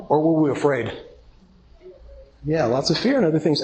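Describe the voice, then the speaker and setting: A man's voice: on the high side, animated, brisk, pauses often, a little mellow, poor audio. A middle-aged man giving an earnest recovery talk to a meeting audience and asking them questions. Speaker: twelve-step speaker.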